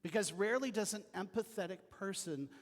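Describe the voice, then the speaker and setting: Pastor preaching in an echoing church. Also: male voice, high-pitched, brisk. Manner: earnest storytelling with quiet dips. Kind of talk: sermon. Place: church sanctuary.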